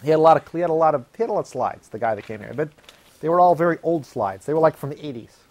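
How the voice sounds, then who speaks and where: A man hosts his own show, rambling casually and poking fun at himself. His pitch swings a lot as he acts out quoted lines. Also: expressive, racing, a little mellow. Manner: self-deprecating, rambling, laughs at himself. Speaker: host.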